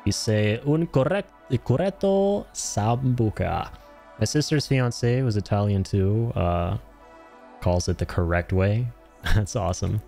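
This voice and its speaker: A young adult man streaming a game, chatting casually, animated and joking, with casual swearing. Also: on the low side, measured pace, gravelly, faint music behind. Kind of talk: casual gameplay commentary.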